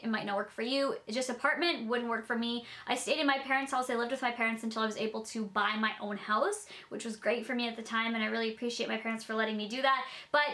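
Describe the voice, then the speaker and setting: A woman's voice: high voice, sharp tone. A young woman in her twenties, chatting in a casual Q&A vlog, bubbly and full of "like.". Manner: bubbly, chatty, many "like" fillers. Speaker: beauty YouTuber.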